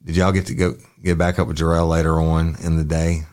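A man reading aloud a male police detective's questions to a witness, plain and quiet. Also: a bass voice, level tone, a little fast, clean tone. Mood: questioning.

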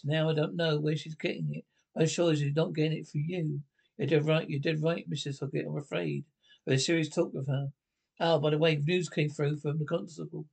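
A man with a gravelly voice speaking fussy, flustered dialogue in a 1970s period film comedy. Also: on the high side, a little mellow.

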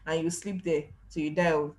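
A young woman hosting a podcast, chatting casually and acting out quotes in an animated way. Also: deep voice, fairly quick, very noisy. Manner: animated storyteller, acts out quotes, laughs often. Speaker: podcast host. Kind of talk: casual chat.

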